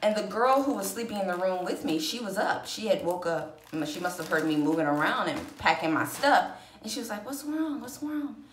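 A woman's voice: on the low side, brisk, slight background noise. A woman vlogger telling a personal story in a casual, rambling, emotional way, acting out the voices she quotes. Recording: echoey room.

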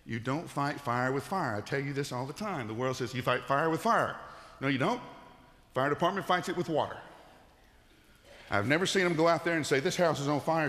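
A male pastor giving a conversational sermon, rising into loud emphatic bursts and dropping to low, quiet tones. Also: big-room sound.

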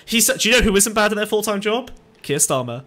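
A podcast host with a fairly high male voice, chatting casually. He teases, swears and breaks into exaggerated repeats and giggles. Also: expressive, fast talker, bright, forceful tone.

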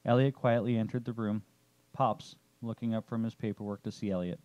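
A man narrating a story chapter in a steady, descriptive way. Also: fairly low pitch, fairly quick, no room sound, low-quality recording.

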